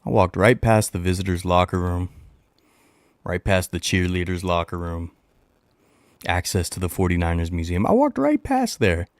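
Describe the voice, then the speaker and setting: A man hosting a casual livestream chat, talking to his viewers in a playful, animated way. He blows kisses into the mic, repeats lines for emphasis and refers to himself in the third person. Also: deep voice, normal speed, no room sound, clean studio sound. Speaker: livestream host.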